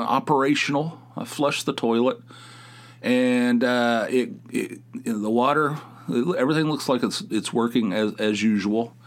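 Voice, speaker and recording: A middle-aged man hosting his podcast alone from a home studio, telling a rambling, self-mocking story in a sarcastic, casual way. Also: medium pitch. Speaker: podcast host. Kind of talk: casual monologue.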